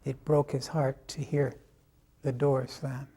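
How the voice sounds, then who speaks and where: An older man telling a personal memory in an unhurried, halting way, as an interview guest. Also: mid-range voice, level tone, dark tone, breathy edge. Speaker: interviewee recalling his spiritual teacher. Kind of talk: personal reminiscence.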